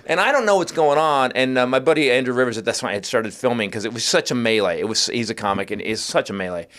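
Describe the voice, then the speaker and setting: A middle-aged man, a comedian guest on a podcast, telling an animated, profane anecdote and acting out voices. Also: mid-range voice, fast. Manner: lively, acts out voices in his anecdotes, swears freely.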